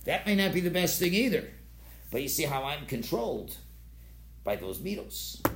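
A man teaching an informal Torah philosophy class, lively and conversational, acting out quoted voices and often restarting his sentences. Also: a little high, moderate pace, slight background noise. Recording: roomy echo.

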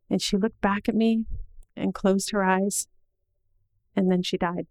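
A woman's voice: mid-range voice, fairly even intonation, darkish tone, dry recording, rough recording. Earnest middle-aged woman telling a story. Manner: earnest, measured, slowing at heavy moments. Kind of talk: personal story told to an audience.

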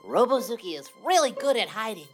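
A woman's voice: a little high, very animated, fairly quick. A woman voicing a cheerful, earnest alien boy in a kids' audio drama, over faint music. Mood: cheery. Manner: cheery, earnest, literal-minded. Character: cheerful goofy alien boy from another planet.

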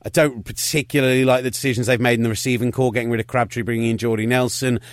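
A man's voice: mid-range voice, fairly even intonation, no echo, studio quality. A man co-hosting a podcast, talking sports in a casual, opinionated and wry way. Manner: opinionated, rapid-fire and wry. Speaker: podcast co-host.

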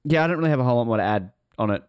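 Rambling man on a lively podcast. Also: medium pitch, very fast, clean tone, no room sound, clean studio sound. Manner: rambling, self-interrupting, laughs often. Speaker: podcast co-host. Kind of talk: casual chat.

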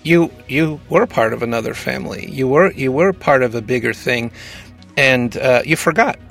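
A man co-hosting a podcast in casual chat, joking and animated, poking fun at himself as he sets up a call. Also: mid-range voice, moderate pace, vocal fry, soft background music. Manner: joking, animated, self-mocking. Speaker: podcast co-host introducing calls.

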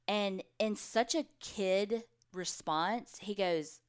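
A woman's voice: mid-range voice, unhurried, hardly any pauses, smooth. A woman co-hosting a podcast, casually retelling a true crime case and briefly voicing the people in it. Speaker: podcast co-host.

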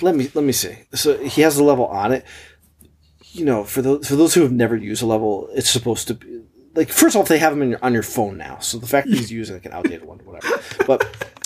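A man's voice: medium pitch, a little mellow. A man in his thirties casually telling a long, profane story, with frequent laughs, as a podcast co-host. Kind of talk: casual chat.

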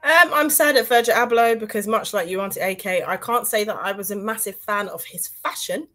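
A woman's voice: mid-range voice, brisk, bright, forceful tone. A woman of Grenadian heritage co-hosting a podcast, playful and teasing in casual chat. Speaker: podcast co-host.

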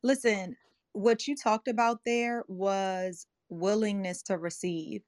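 A woman's voice: mid-range voice, fairly even intonation, takes it slowly, a little mellow, no echo, studio quality. A woman hosting an online audio room, telling a personal story in a passionate, emotional, earnest way. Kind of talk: passionate motivational talk.

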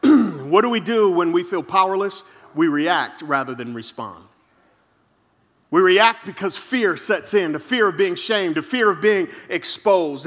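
A bright, high-pitched man preaching in a hall with a long reverb tail. He tells stories with lively jumps in pitch, acting out what people said. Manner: animated storytelling, acts out quotes with big pitch jumps and laughs. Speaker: pastor. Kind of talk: sermon.

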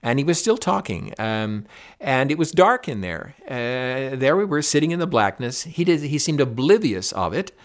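Man telling a story with halting fillers. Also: mid-range voice, sing-song. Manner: halting, with many fillers and restarts. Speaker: interviewee recalling an anecdote. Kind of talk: documentary interview storytelling.

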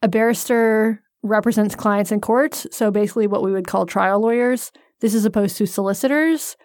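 A woman's voice: medium pitch, normal speed, a little mellow, no echo. A woman co-hosting a podcast, telling a story in a dry, joking, casual way. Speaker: podcast co-host.

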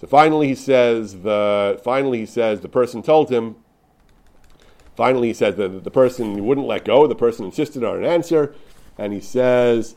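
A man teaching a Torah class, retelling a wartime rabbinic ruling with lively storytelling, many restarts and Yiddish and Hebrew terms. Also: medium pitch, normal speed. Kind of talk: Torah lecture retelling a responsum.

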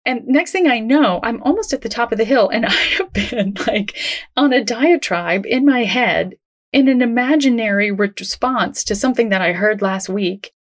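A woman hosting a self-help podcast, talking in a gentle, reassuring, conversational way. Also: on the high side, expressive, normal speed. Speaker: podcast host.

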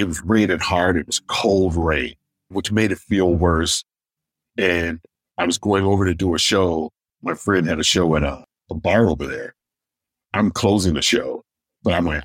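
A stand-up comedian from Michigan telling personal stories in an interview and acting out what other people said. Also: male voice, low-pitched, no echo. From Michigan, USA. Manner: animated anecdotes, acting out others' lines; deaf in one ear. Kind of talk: storytelling in a podcast interview.

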